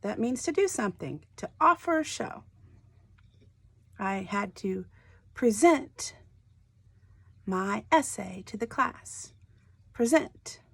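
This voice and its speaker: Slow, emphatic woman teacher. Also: mid-range voice, animated, gravelly, fairly bright tone, slightly rough, no room sound. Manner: slow, deliberate, stresses each syllable. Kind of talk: recorded lesson on homographs.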